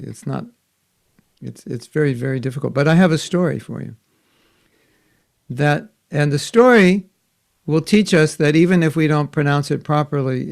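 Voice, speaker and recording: An older man teaching children in an online class, gentle and patient, often asking them questions. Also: on the high side, vocal fry. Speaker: spiritual teacher. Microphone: video call.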